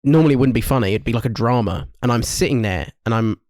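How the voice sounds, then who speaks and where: A man's voice: medium pitch, quick pace, darkish tone, no echo, clean studio sound. A man co-hosting a podcast, talking in loose, rambling casual chat with restarts and swearing. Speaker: podcast co-host.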